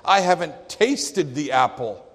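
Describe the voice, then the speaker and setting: A man voicing a haughty atheist professor, speaking in a slow, measured, scholarly tone. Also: on the high side, expressive, a bit bright, husky, long reverb tail, full character voice. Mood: condescending.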